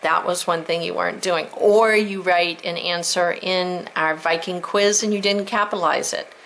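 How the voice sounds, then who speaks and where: A woman teacher slowly and clearly sounding out spelling words and letters for her students in a recorded lesson. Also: lowish voice, fairly even intonation, fairly bright tone, a little hiss or hum, low-quality recording. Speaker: elementary school teacher.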